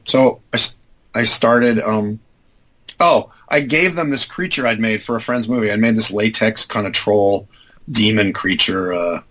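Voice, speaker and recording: A man in his fifties, a guest telling a long story in a relaxed, rambling way, acting out what people said with sudden high-pitched voices. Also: rough recording. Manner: acts out quoted dialogue with big jumps in pitch; rambling, self-correcting, many fillers. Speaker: interview guest. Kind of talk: casual anecdotal storytelling.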